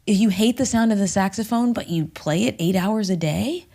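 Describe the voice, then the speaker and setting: A woman voice teacher and author in a reflective podcast interview, speaking in a measured, emphatic way that sometimes sinks to a whisper. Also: mid-range voice, mellow.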